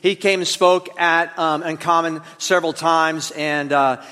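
A man's voice: on the high side, fairly even intonation, measured pace, bright, forceful tone, clear, resonant tone. A man preaching a sermon in a church, talking conversationally and drawing the congregation into call and response. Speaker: pastor. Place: church auditorium. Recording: long hall reverb.

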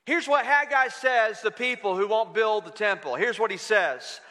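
A man's voice: high-pitched, normal speed, hardly any pauses, sharp tone, in a large hall. A man preaching a sermon, quoting scripture with dramatic emphasis and leading the congregation in reading aloud. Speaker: pastor.

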